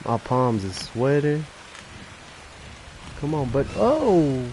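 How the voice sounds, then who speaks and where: Slow-talking excitable male game streamer. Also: mid-range voice, a little hiss or hum, poor audio. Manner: excitable, nervous exclamations while playing. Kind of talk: live gameplay commentary.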